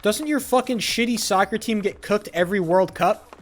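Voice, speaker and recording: A young man streaming live, swearing freely and mocking his viewers in loud, rowdy banter. His voice sits slightly high for a man. Faint music plays under his talk. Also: moderate pace. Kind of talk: casual live-stream chat.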